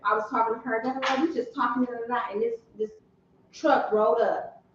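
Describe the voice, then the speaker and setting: Brief: woman from Detroit, casual storyteller, a bit high-pitched, distant and echoey with muffled sound. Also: fairly even intonation, brisk, noisy background. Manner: rambling, restarts, addresses group as y'all. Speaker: podcast panelist.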